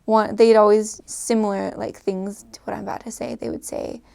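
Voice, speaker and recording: A woman's voice: mid-range voice, flat delivery, moderate pace, creaky, warm tone. A young woman from the United States casually telling stories to camera in an amused, chatty way. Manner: chatty, amused, often laughing. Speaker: vlogger recalling life abroad.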